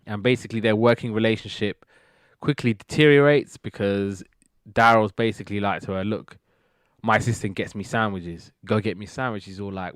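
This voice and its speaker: A man hosts a casual podcast, walking through old sitcom episodes in a loose, rambling way. He slips into quick impressions of the characters' lines as he goes. His voice sounds smooth and clear, and the recording is dry and close. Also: lowish voice, fairly bright tone, no echo. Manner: rambling retelling, acts out quotes. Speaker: podcast host reviewing TV shows. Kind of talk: casual recap chat.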